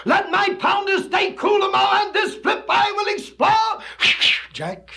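A man's voice: extremely high pitch, measured pace, creaky, pushed and bright, shouting. A man performing a comic poem recitation in hipster jive slang, with a theatrical, dramatic delivery.

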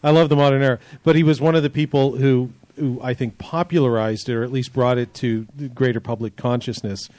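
A man co-hosting a casual panel discussion, talking in a thoughtful, measured and skeptical way. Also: medium pitch, fairly even intonation, a little mellow, no echo. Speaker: podcast co-host.

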